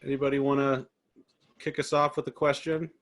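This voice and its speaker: A man's voice: medium pitch, little pitch movement, brisk. A man hosting a masterclass over a video call, encouragingly coaxing the audience to ask questions. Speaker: host. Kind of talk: moderating a masterclass.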